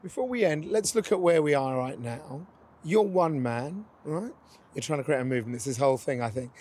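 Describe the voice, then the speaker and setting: Chatty guy interviewing, rambly questions, slightly high voice. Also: lively intonation, brisk, a little mellow. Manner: chatty, asks long winding questions. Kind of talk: conversational interview.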